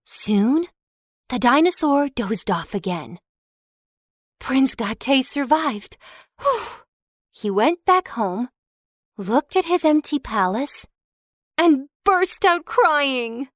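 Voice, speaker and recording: A woman tells a children's storybook tale in a slow, expressive way. Her high voice swoops up and down, and the recording is dry and close. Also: no echo. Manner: expressive, slow, sing-song.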